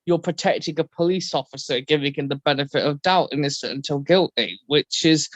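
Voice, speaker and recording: A man's voice: brisk, fairly bright tone, no echo. A man co-hosting a casual podcast discussion, rambling and acting out quotes. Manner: rambling, acts out quotes in high voices. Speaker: podcast co-host.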